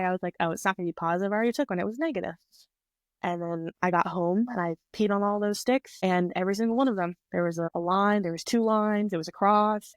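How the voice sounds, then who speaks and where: A young woman in her twenties chats through a personal story as a podcast guest, her voice sitting a little low for a woman. She talks in an animated, rambling way, on a close, dry mic. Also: no echo. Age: 20s. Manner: chatty, animated retelling with quoted voices. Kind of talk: casual storytelling.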